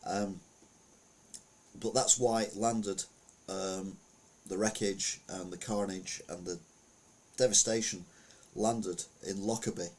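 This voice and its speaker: A man's voice: low-pitched, fairly even intonation, slow pace. A middle-aged man giving casual opinion commentary as a podcast host, rambling with lots of fillers and restarts.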